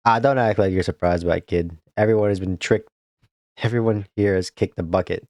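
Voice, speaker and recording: Cruel old male ghost, gruff and gloating, as a gamer puts him on; low voice, dead-dry. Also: brisk, a little mellow, dry recording, natural voice. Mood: sneering. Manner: gruff, sneering, mocking. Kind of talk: game character voice.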